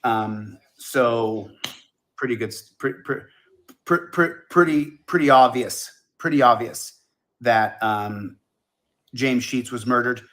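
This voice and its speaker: A man's voice: mid-range voice, slow, a bit bright. A man rambling through a monologue in a played video clip, repeating himself and stumbling over his words. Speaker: online video talker.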